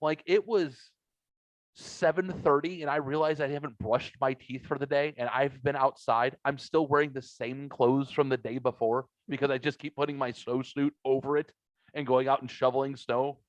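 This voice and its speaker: A middle-aged man hosting a podcast, telling a story in a casual, profane and animated way. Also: medium pitch, normal speed, no room sound. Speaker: podcast host. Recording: dull lo-fi audio.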